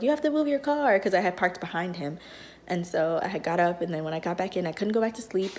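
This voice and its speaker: A woman's voice: mid-range voice, a little mellow, slight background noise. A young woman vlogging casually while she cooks breakfast at home, rambling with lots of fillers. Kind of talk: casual vlog chat. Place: home kitchen.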